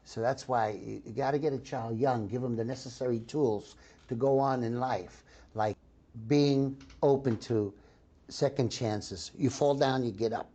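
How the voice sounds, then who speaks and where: Older male actor, interview guest, excitable and rambling, mid-pitched everyday voice. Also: measured pace, highs cut off. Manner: excitable, rambling with frequent restarts. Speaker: actor interviewed about a film. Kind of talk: casual interview.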